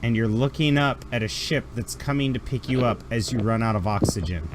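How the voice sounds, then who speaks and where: A man running a tabletop role-playing game as game master, narrating scenes and reacting to players with animated energy. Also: brisk, a little hiss or hum. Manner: animated, laughing, jumps into high character shouts.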